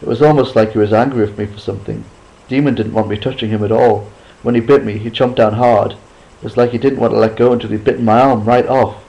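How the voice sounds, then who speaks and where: A man voicing a sporty, joking teenage boy, with urgent lines that rise to shouts when he is hurt. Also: mid-range voice, fairly even intonation, fast, vocal fry, dull audio, natural voice. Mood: uneasy.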